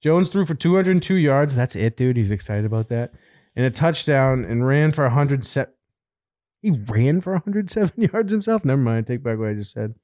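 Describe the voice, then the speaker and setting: A man's voice: mid-range voice, expressive, normal speed, warm tone. A man hosting a casual chat, swearing and joking in an offhand way while reading out news. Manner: profane, laughing, offhand banter. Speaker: host.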